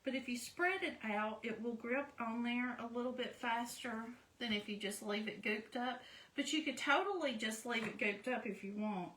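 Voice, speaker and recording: In a relaxed crafting tutorial, this woman walks viewers through each step at a moderate pace, joking at her own expense. Her voice is a little high and a bit bright. The mic is distant, and the echoey room leaves her sounding slightly off-mic.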